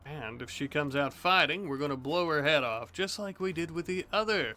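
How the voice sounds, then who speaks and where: A man hosting a let's play, narrating his colony in a theatrical role-played manner with slow, taunting speeches. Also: fairly high pitch, expressive, sharp tone. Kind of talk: role-played gameplay commentary.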